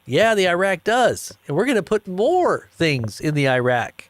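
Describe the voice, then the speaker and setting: A man's voice: sits high, big pitch swings, measured pace, no echo, pitched above the performer's own voice. A man voicing a smug, unflappable male tech executive unveiling products in a comedy skit. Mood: smug pitch.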